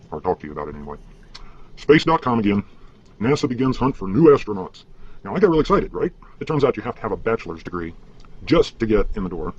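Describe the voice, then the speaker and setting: Low husky guy venting fast into a cam, swears a lot, muffled clip sound. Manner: frustrated, profane, halting with many fillers. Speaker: vlogger. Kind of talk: rambling vlog rant.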